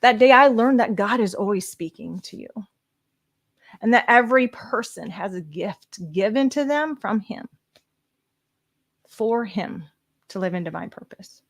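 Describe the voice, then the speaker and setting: A woman speaking on a conference stage as a motivational speaker. She gives an emotional personal testimony and swings from hushed whispers to a raised voice. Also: medium pitch, lively intonation, a little slow, long pauses, dry recording, clean studio sound.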